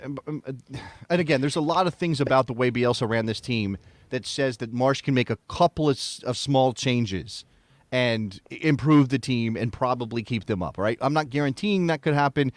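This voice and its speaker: A man co-hosting a soccer podcast, talking through a casual sports debate in an animated way, with frequent restarts and sudden jumps in pitch. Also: moderate pace, dry recording. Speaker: podcast co-host.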